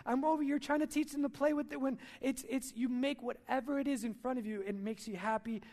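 A man's voice: very high-pitched, steady tone, fairly quick, a little mellow. A male pastor preaching a sermon at a church service, emphatic, repeating key lines and asking rhetorical questions.

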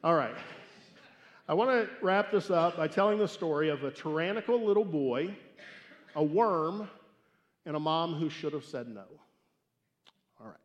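A man preaching a sermon and telling a story, emphatic and swinging between loud declarations and hushed asides. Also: on the high side, animated, moderate pace, long pauses, highs cut off. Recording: echoey hall reverb.

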